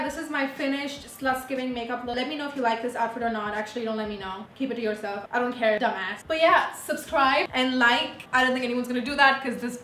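A woman's voice: high voice, pushed and bright, a little hiss or hum. A woman in her twenties hosting a casual makeup tutorial vlog, blunt and sassy, swearing freely. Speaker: beauty vlogger. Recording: echoey room.

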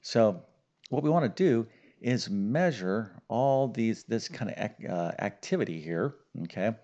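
A man's voice: on the low side, expressive, measured pace, mellow, dull audio. A middle-aged man teaching a math lesson in an emphatic, upbeat way, full of "okay" and small fillers.

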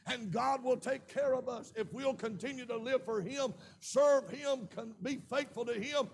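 High-pitched Southern preacher, gravelly. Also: male voice, normal speed. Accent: Southern American. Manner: preaching with rising shouts and frequent amens. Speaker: pastor. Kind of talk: sermon. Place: church sanctuary.

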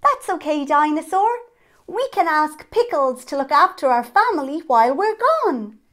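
A woman's voice: very animated, moderate pace. A woman voicing a cheerful young boy who reassures his friend in a storybook reading. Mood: reassuring. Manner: high, bright and eager.

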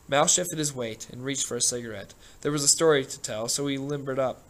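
Man, audiobook narrator, steady, plain delivery, middle pitch. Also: a little fast, few pauses, a little hiss or hum, poor audio. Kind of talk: scripted narration.

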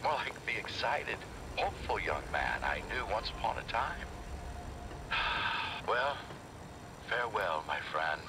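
A wistful mourner, deep-voiced. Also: male voice, sing-song, creaky, heavy background noise, full character voice. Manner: wistful, measured narration. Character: older man mourning an old friend.

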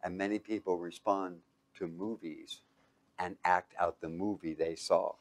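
Man quizzing his audience in a lively talk. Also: low voice, a little slow. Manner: quizzes the audience with fill-in questions; lively and emphatic, swinging from loud to hushed. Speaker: speaker teaching a live audience.

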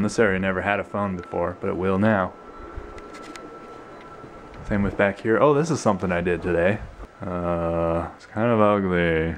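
Deep-voiced guy rambling on a handheld vlog in an office, clear background hum. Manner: rambling, self-correcting, tech enthusiast. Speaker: vlogger. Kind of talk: casual walkthrough vlog. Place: office workspace indoors.

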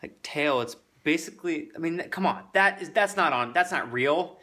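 Animated young man hosting a travel vlog. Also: on the high side, moderate pace. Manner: playful, joking, animated reactions. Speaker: vlog host. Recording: noisy background ambience.

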